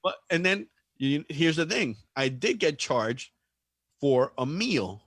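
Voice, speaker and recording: A man's voice: on the high side, sing-song, slow pace, a bit bright, husky, no echo, clean studio sound. A man in a casual podcast chat, ranting and telling a story with lots of swearing and animation.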